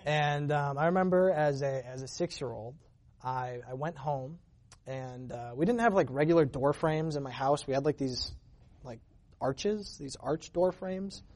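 A man tells his own faith story to a church gathering, speaking earnestly and conversationally. His voice sits a touch higher than most men's. He often stumbles, restarts and pads his sentences with fillers as he goes. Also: a little slow, a little mellow. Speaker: church member giving a testimony. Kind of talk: personal testimony storytelling.

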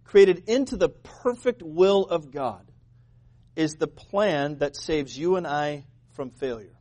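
A man preaching a sermon as pastor, animated and joking, asking the congregation questions. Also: on the high side, takes it slowly.

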